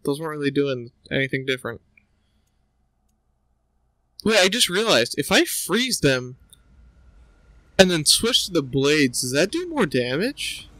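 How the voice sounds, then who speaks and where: A man's voice: on the high side, very animated, measured pace, long pauses, a bit bright, dry recording, rough recording. A young man giving gameplay commentary, swearing constantly and ranting at the game in exasperation. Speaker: gameplay streamer. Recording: game music behind voice.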